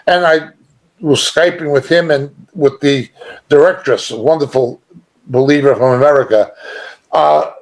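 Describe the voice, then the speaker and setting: A middle-aged male Bible teacher delivers a conversational sermon with firm emphasis and a light chuckle here and there. His voice sits fairly high, and he talks at a slow, deliberate pace.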